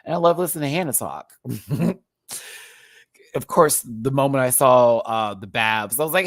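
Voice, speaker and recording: A man giving an animated, casual review of a TV show, breaking into mock voices. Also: mid-range voice, normal speed, dry recording, studio quality. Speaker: drag race reviewer.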